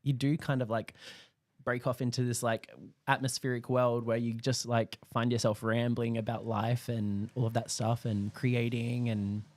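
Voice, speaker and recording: A man's voice: mid-range voice, little pitch movement, normal speed, darkish tone, no echo. A young Australian man talking as an interview guest, telling stories with lots of fillers, acting out quoted dialogue and laughing often. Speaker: guest photographer. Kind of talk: casual interview chat.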